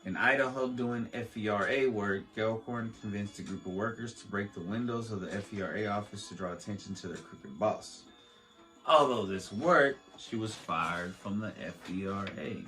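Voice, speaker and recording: A man's voice: lowish voice, fairly even intonation, normal speed, hardly any pauses, a bit bright, soft background music, rough recording. A man hosting a podcast, reading a history aloud with stumbles, restarts and joking asides. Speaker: podcast host. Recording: faint beat playing under the voice.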